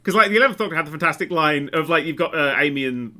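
Lively, expressive man. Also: fairly high pitch, very fast. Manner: animated, swears, acts out quoted lines. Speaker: podcast co-host. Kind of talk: casual chat.

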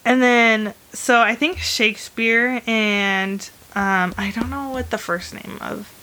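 A woman's voice: on the high side, steady tone, takes it slowly, sharp tone. A woman hosting a casual chat, telling a history story in a rambling, chatty way full of fillers and bursts of humor. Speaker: host.

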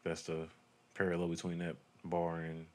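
A man's voice: low-pitched, monotone, normal speed, darkish tone. A man co-hosting a casual podcast, laughing easily and swearing freely as he talks. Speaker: podcast co-host. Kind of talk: casual chat.

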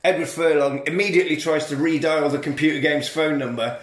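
A man's voice: a little high, steady tone, a little fast, reverberant. A man co-hosting a podcast, recapping a film in a sweary, comedic way and acting out the characters. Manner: sweary, acts out characters in silly voices. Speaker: podcast co-host.

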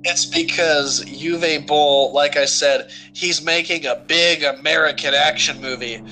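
A man talks casually through a movie review, telling the scenes with animated energy. His voice is fairly high and bright, and soft music plays underneath. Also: a little slow, low-quality recording. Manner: animated, storytelling recaps. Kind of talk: casual chat.

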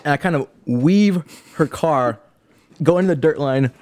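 A man's voice: on the high side, moderate pace, a little mellow. A young man telling a story in casual chat as a podcast co-host, laughing often.

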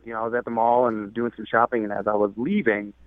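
A man's voice: lowish voice, flat delivery, fast talker, no room sound. A man calling in by phone, telling his story in a hesitant way with lots of fillers. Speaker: caller. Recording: tinny phone line.

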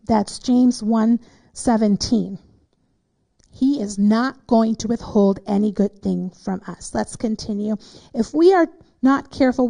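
A woman's voice: medium pitch, gravelly, dark tone. A woman pastor teaching a Bible study in an earnest preaching style, repeating her points for emphasis. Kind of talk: sermon.

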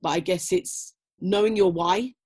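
A middle-aged British woman, a former athlete appearing as an interview guest, talks casually and reflectively with plenty of "you know" fillers. Her voice is lowish, unhurried, a little mellow and husky.

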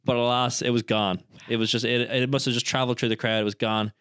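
A young man co-hosting a podcast, telling a story with animated quoted voices in casual comedic chat. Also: mid-range voice, fast talker, smooth, no room sound, studio quality. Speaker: podcast co-host. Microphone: studio mic.

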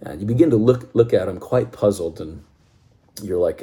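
A man's voice: deep voice, normal speed, warm tone. A man telling a vivid story that puts the listener in the scene, speaking straight to them. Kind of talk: vivid second-person storytelling.

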